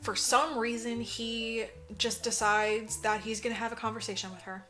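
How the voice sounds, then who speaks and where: Woman podcaster retelling a movie, bright voice, cusses a lot, acts out the lines. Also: on the high side, moderate pace, soft background music. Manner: animated, swears freely, acts out characters' lines. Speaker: podcast co-host. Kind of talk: casual movie recap chat.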